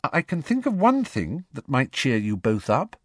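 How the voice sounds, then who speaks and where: A man's voice: medium pitch, huge pitch swings, measured pace, breathy edge, no room sound, clean studio sound, pitched above the performer's own voice, heavily acted. A man voicing an anxious, earnest teenage schoolgirl witch in a storybook reading, with a lifted voice. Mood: hopeful. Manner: anxious, earnest, soft-spoken.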